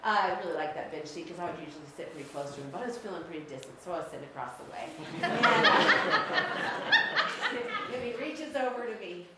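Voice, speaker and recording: A woman telling a personal story to an audience, animated and laughing often, pausing for effect. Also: on the low side. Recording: echoey room, faint background noise.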